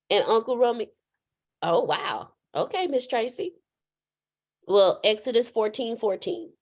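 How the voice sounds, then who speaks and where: A woman hosting a casual faith chat, animated, laughing and telling stories like a preacher. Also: mid-range voice. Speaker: host.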